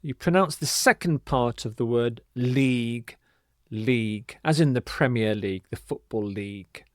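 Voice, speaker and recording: A man teaching an English vocabulary lesson, speaking slowly and repeating words with careful, emphatic pronunciation. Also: medium pitch, no room sound, clean studio sound.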